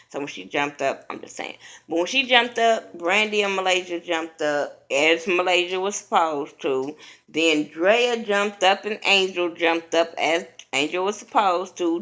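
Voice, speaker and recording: A woman's voice: low-pitched, a bit bright. A woman giving a blunt, profane, opinionated casual recap of a reality TV episode.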